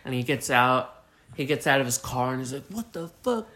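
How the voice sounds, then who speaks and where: A man's voice: mid-range voice, flat delivery, a little fast, bright, forceful tone. A man co-hosting a podcast, recapping a story in casual, rambling, jokey chat full of fillers. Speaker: podcast co-host.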